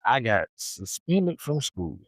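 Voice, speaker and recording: Animated man telling a story. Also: mid-range voice, takes it slowly, no echo, poor audio. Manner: animated, slangy, repeats himself. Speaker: podcast host. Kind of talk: casual storytelling.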